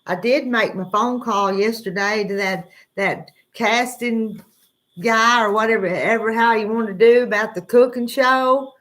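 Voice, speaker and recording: An unhurried woman with a Southern accent and a highish, slightly bright voice runs an early-morning livestream. The talk is casual and meandering, and she greets people watching by their names.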